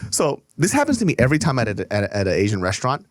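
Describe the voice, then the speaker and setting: A middle-aged man on a casual podcast, his pitch swinging widely as he spins a story and swears freely. The sound is dry and close to the mic, with no room around it. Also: rapid-fire, no room sound. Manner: animated storyteller, swears freely, acts out other people's lines. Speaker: podcast co-host.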